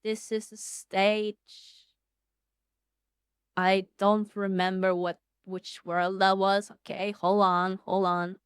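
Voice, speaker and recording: A woman streaming casually, excitable and foul-mouthed, swinging between loud outbursts and low mumbling. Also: slow, clear, resonant tone, dry recording, clean studio sound. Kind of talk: casual livestream chat.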